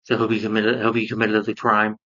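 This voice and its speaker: A man's voice: fairly low pitch, completely flat delivery, quick pace, bright, forceful tone. Rambling man recapping a cartoon, lo-fi. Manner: rambling recap full of "you know" fillers. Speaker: cartoon reviewer. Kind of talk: casual spoken review.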